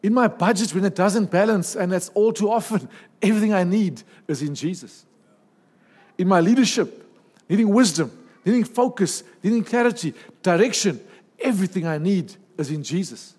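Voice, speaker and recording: A man preaching a sermon in a lively, humorous way, with asides and jokes. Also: high voice, moderate pace, big-room sound.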